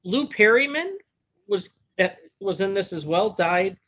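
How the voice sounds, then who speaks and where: A man's voice: sits high, expressive, unhurried, fairly bright tone, highs cut off. A man co-hosting a live movie watch-along, chatting casually and sharing trivia and jokes. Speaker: co-host. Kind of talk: casual chat.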